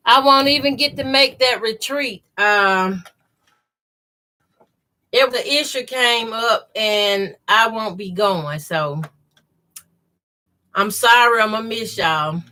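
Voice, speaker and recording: A woman with a Southern accent hosts a live quilting stream, greeting each viewer by name and reading their comments aloud. She talks slowly and easily, with a bright, clear tone. She keeps saying y'all. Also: a little high. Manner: says y'all a lot. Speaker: quilting channel host. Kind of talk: live stream chat while sewing.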